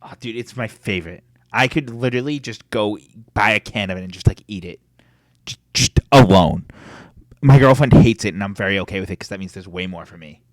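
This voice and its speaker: Young man ranking food, lowish voice. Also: fairly quick, no room sound. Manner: animated, opinionated, swearing casually. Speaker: podcast co-host. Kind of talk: casual chat.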